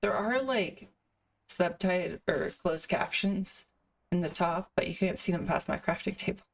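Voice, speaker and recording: A woman's voice: fairly low pitch, normal speed, gravelly, far from the mic. A woman streamer reading a visual novel aloud, with casual asides between the narration.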